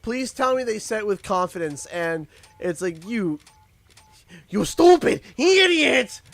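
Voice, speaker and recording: A man casually chatting and joking on a game livestream, animated and full of mock outrage. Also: sits high, moderate pace, no echo. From Canada. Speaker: streamer. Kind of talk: casual livestream chat while gaming.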